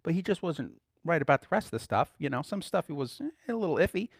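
A man preaching to a small group, his voice fairly high and swinging widely in pitch. He keeps posing rhetorical questions and breaks into frequent chuckles. The sound is dry and close, with no room echo. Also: very animated, quick pace, vocal fry, husky. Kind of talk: teaching sermon to a small group.

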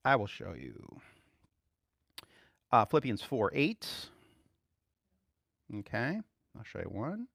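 A man preaching an informal sermon to a class, conversational and quick to laugh, swinging from emphatic outbursts to quiet asides. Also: mid-range voice, huge pitch swings, creaky, no echo, clean studio sound.

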